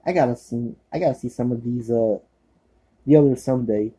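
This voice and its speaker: Laid-back male vlogger with a deep, dark tone, offhand and rambling through his picks. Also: brisk, husky, poor audio. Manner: rambling, many fillers and restarts. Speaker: horror movie reviewer. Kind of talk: casual movie recommendation vlog.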